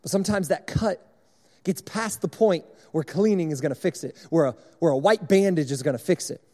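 A man's voice: a little high, brisk, dark tone. Conversational man preaching in a hall. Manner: conversational, illustrative, repetitive. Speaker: speaker at a church service. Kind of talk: sermon.

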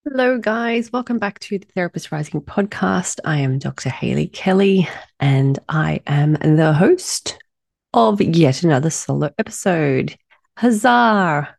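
A woman hosting a solo podcast, her voice husky and hoarse from a recent illness, talking in an enthusiastic, effusive, chatty way. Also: low voice, expressive, a little slow, darkish tone, no room sound, clean studio sound. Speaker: podcast host.

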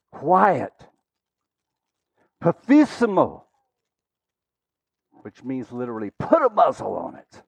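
A man preaches a sermon, telling a story dramatically and swinging between loud, urgent lines and hushed, quiet ones. His voice is mid-range, and the muffled recording has no room sound.

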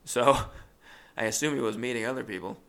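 A man's voice: medium pitch, brisk, creaky, a bit bright. A young man, a comedian, telling a rambling, self-deprecating story. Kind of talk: comic storytelling.

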